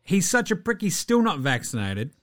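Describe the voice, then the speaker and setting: An Australian man hosting a sports podcast, ranting in a profane, animated, mocking way. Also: on the high side, moderate pace. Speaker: podcast host. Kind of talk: opinionated sports podcast rant.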